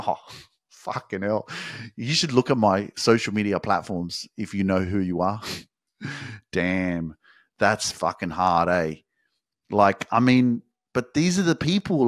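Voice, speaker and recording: A man's voice: lowish voice, a bit bright, no echo, clean studio sound. A man hosting a motivational podcast, talking emphatically and swearing freely as he preaches self-belief. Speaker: podcast host.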